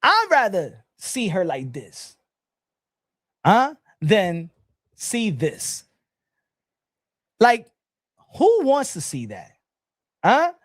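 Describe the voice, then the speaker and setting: Shrill, shouting New man. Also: wildly swooping pitch, very slow, pauses often, no echo, clean studio sound. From New York City. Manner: loud, shouty, profane and taunting. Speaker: online commentator. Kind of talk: mocking comedic rant.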